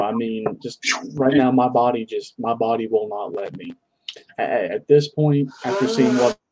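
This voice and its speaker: A man's voice: medium pitch, dark tone, a little hiss or hum, low-quality recording. A man who works as a food delivery driver, speaking firmly and defiantly in a casual chat.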